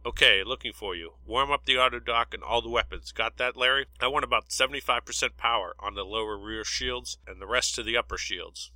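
A man's voice: medium pitch, fairly quick, hardly any pauses, bright, forceful tone, no echo, rough recording. A man voicing a tough male squad leader under fire, who gives orders in a raised voice. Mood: commanding.

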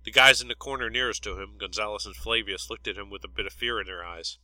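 A man narrating a story aloud in a steady, plain reading style. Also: deep voice, fast talker, hardly any pauses, no room sound, low-quality recording.

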